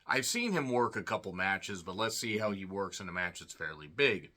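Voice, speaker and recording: A man's voice: deep voice, lively intonation, moderate pace, pushed and bright. A man giving a rambling, sarcastic solo review of a wrestling show, full of snarky asides. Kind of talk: casual solo review commentary.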